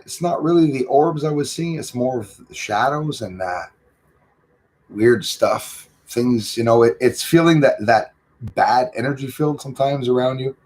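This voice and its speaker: A man hosting a casual live stream, greeting viewers by name and chatting loosely about what they write. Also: medium pitch. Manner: greets viewers by name and reads their comments aloud. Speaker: livestream host.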